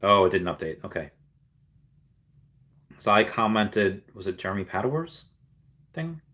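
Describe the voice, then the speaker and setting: Rambling man with a bright voice. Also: on the low side, very animated, measured pace. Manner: rambling, full of fillers and restarts; reads viewer messages aloud and replies. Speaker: streamer answering live chat. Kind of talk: casual livestream chat.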